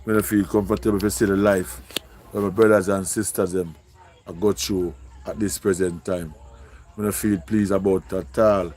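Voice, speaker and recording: A man's voice: low-pitched, steady tone, moderate pace, a little mellow. A man with a Jamaican accent, pleading and repeating himself as he speaks emotionally to viewers on a live stream. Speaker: livestreamer.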